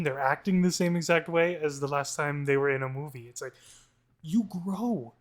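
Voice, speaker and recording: A man's voice: a little high, moderate pace. A man co-hosting a movie podcast, ranting casually with lots of restarts. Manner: ranting, animated, frequent restarts. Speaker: podcast co-host.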